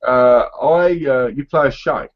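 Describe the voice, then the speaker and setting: A man's voice: medium pitch, a little slow, highs cut off. A man co-hosting a casual chat about games, rambling and tagging his sentences with "right?" and "you know". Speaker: co-host.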